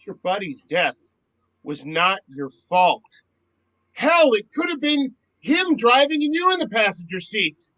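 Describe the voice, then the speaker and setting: A man plays an earnest friend full of guilt, pleading with feeling in an amateur virtual stage play. His voice is bright and sits fairly high, and it swings between soft and loud. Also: full character voice, low-quality recording. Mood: tender.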